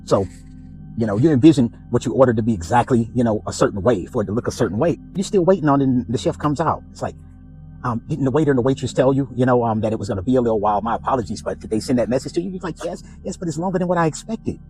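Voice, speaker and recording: A man's voice: medium pitch, racing, soft background music, poor audio. A man hosting a casual spiritual reflection, telling a story and acting out the voices in it. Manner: animated storytelling, acts out dialogue. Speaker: podcast host.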